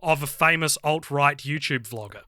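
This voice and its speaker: A man's voice: on the high side, bright, forceful tone, no room sound. A man hosting a podcast, chatting casually and cracking jokes with his guests. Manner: joking, quick asides. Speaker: podcast host.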